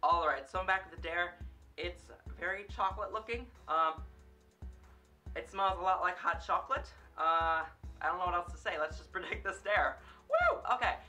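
A man's voice: sits high, steady tone, normal speed, sharp tone, faint music behind. A young man hosting a food dare vlog, chatting in a rambling, self-conscious way and tripping over his words. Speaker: dare-challenge vlogger. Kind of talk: casual food-challenge vlog. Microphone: camera facing him.

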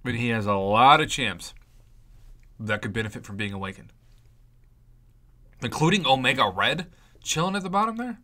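For his YouTube channel, a man commentates on opening crystals in a mobile game, excitable and playfully dramatic as he pleads aloud for good results. His pitch is medium and his speed normal, with long pauses.

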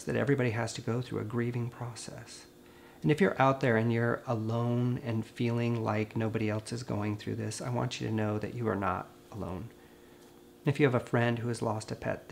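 A grieving man, a veterinarian, speaks to camera in a gentle, earnest and consoling way. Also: mid-range voice, creaky, slight background noise. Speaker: veterinarian and video host. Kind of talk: personal vlog talk to camera.

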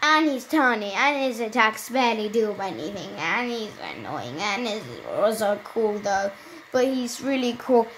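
Woman gamer host, high voice, excitable and chatty running commentary. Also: measured pace, a little hiss or hum, poor audio. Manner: excitable, chatty, talks to viewers. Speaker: gaming channel host. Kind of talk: casual gameplay commentary.

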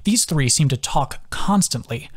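A man's voice: fairly high pitch, a little slow, slightly rough. A man reading his own fantasy novel aloud as audiobook narration. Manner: lively, expressive reading.

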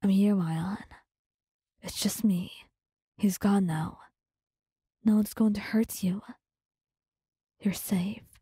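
A protective young man in whispered role-play, played by a woman, his voice a breathy, mellow hush. He speaks slowly and steadily, close to the mic in a dead-dry space. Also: medium pitch, fairly even intonation, dry recording. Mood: tender. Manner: stern and protective. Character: protective young man, stern then tender.

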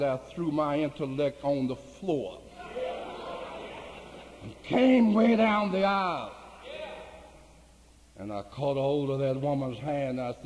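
A man preaching a sermon, telling a story in a low voice and rising to high shouted climaxes. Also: animated, slow pace, pauses often. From United States. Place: large hall with an audience. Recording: reverberant hall with faint hiss, 1980 archive.

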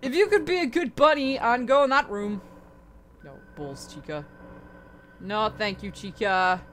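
A woman's voice: a little high, measured pace. A young woman playing a horror game, chatting to the characters, swearing and laughing in panic. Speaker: gaming YouTuber. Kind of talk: horror game let's play commentary. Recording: faint music behind.

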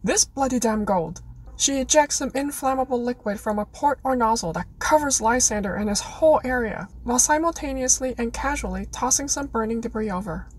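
A woman's voice: fairly high pitch, fairly quick, slightly rough, rough recording. A woman reading out her prepared fan essay in an earnest way, with playful dramatic flourishes. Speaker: listener contributor.

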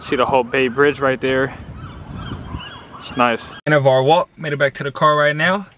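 A man casually vlogging outdoors on a handheld phone, chatty and laughing often, slipping into high coaxing baby talk with his dog. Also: fairly even intonation, moderate pace, muffled recording, slight background noise. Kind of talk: casual vlog narration. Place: outdoors in a city park and streets.

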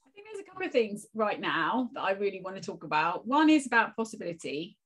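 A woman's voice: medium pitch, very animated, quick pace, a bit bright. A woman, a guest teacher and author, speaking in a casual conversational interview and giving reflective, encouraging advice.

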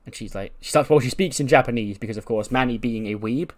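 A man's voice: mid-range voice, fast talker. A man casually narrating a wrestling management sim game, rambling and correcting himself as he goes. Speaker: game commentator. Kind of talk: casual let's-play narration.

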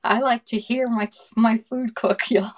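A middle-aged woman from the northern United States hosting a cooking livestream, chatting fast, laughing often and reading viewer comments aloud. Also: on the high side, steady tone, rough recording. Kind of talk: casual livestream chat.

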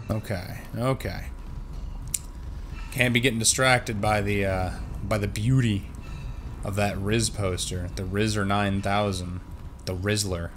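Young man, gaming host, casual let's-play commentary, jokey, jumpy yelps and shouts, unhurried delivery, faint background noise. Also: lowish voice, fairly even intonation.

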